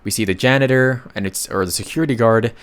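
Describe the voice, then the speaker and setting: A man narrating a comic recap in a casual, chatty way, with sudden loud bursts and slangy asides. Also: medium pitch, fast, clean tone.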